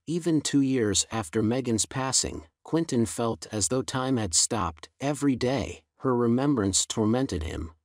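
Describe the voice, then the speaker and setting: A man narrating a scripted melodramatic story in an even, unhurried reading. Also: mid-range voice, no room sound, clean studio sound.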